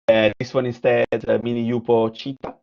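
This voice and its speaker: A man with an Italian accent gives an art lecture, clicking through slides and reading a story aloud. He talks at a middle pitch, pauses often and restarts his phrases. The recording sounds dull and lo-fi. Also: flat delivery, vocal fry. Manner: hesitant, with frequent fillers and restarts. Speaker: artist giving a lecture. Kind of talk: lecture presenting slides, partly read aloud.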